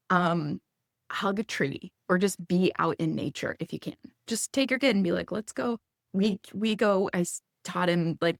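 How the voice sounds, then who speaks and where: A woman in her thirties speaking casually as a guest, chatty and animated, acting out quoted lines in a higher voice. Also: vocal fry, no echo, clean studio sound. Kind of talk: casual conversational advice.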